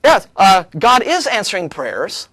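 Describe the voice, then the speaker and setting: A man co-hosting a studio talk show, talking in a sarcastic, animated way, with many restarts. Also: high-pitched, measured pace, dry recording. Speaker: co-host. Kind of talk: casual studio discussion.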